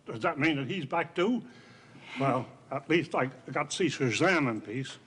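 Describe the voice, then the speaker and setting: A crusty elderly father in a TV comedy. His voice is husky and rises and falls a lot. He tosses off short, blunt, unbothered remarks. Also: a little high, expressive, normal speed, a bit bright. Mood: dry. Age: older.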